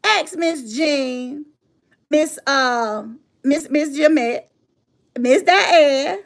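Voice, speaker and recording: Speaking extremely slowly in a high, creaky voice, this middle-aged woman delivers a casual livestream monologue to her audience. She's a motivational speaker and channel host with a sassy, emphatic style, laughing often and repeating herself for effect.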